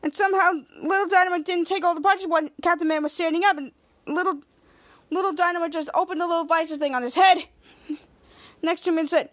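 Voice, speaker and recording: A woman hosting a podcast, retelling a TV episode in a rambling way with many halting restarts, and acting out the characters' lines in animated voices. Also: extremely high pitch. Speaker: podcast host. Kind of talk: casual episode recap.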